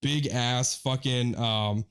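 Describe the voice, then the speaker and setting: A man's voice: mid-range voice, slow, clean tone. A young man co-hosting a podcast, casually retelling a story, acting out his friends' lines and swearing often. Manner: animated storyteller, quotes friends in their voices, swears a lot. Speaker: podcast co-host.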